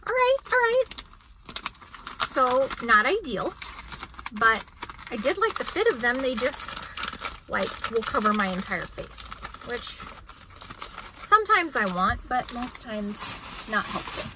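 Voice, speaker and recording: A woman in her thirties chatting casually in a haul vlog, self-mocking and quick to laugh. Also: a little high, very animated, noisy background. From United States. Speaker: vlogger.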